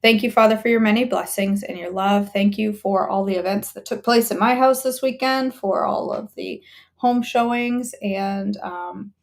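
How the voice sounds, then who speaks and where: Gravelly-voiced woman praying aloud. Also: mid-range voice. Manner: halting prayer with many ums and restarts, warm repeated thanks. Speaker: host of a live devotional stream. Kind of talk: spoken prayer, then casual sign-off. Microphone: phone or webcam on a live stream.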